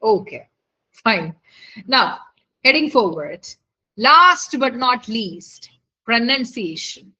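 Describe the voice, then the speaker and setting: Over a video call with lo-fi online audio, this woman tutors IELTS speaking, gently coaxing students and constantly checking they're keeping up. Her fairly high voice is very animated yet slow, with long pauses and a sharp, slightly rough tone.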